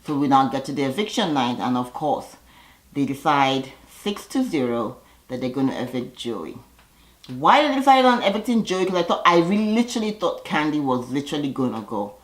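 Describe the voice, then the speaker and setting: A woman's voice: very deep voice, sing-song, brisk. A woman giving a casual video recap in a sassy way, acting out the quotes in put-on voices. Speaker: YouTuber recapping a reality show. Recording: echoey room.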